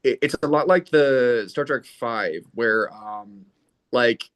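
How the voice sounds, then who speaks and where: A man's voice: medium pitch, takes it slowly, a bit bright. A man who is an actor, a guest in a casual podcast chat, speaking wryly and hesitantly with many ums.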